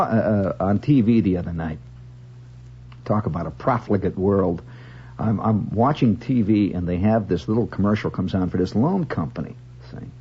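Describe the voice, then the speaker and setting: Rambling radio man, low and lively. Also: slightly rough. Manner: rambling storyteller who slips into comic voices; recites verse slowly and wryly. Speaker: radio host. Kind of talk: late-night radio monologue. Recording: lo-fi 1970s radio broadcast with guitar behind.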